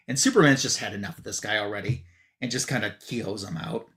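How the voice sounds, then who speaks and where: A man's voice: lowish voice, brisk. A man hosting a live comic book show, casually retelling a comic's story and loosely reading out the characters' lines, with fillers like "um" and "you know". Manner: relaxed, loosely reads out character dialogue with fillers. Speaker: comic book podcast host. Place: live stream.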